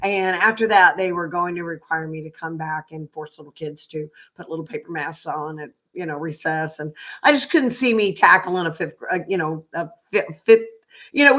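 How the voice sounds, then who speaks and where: A woman's voice: lowish voice, fairly bright tone. An older woman from Oklahoma, a psychic reader chatting casually on a livestream, rambling with fillers and restarts.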